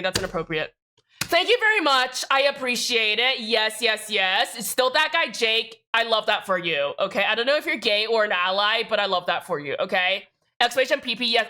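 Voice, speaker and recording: Young woman, streamer, bright sharp voice, slightly high, sassy, joking, profane. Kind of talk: casual live-stream chat.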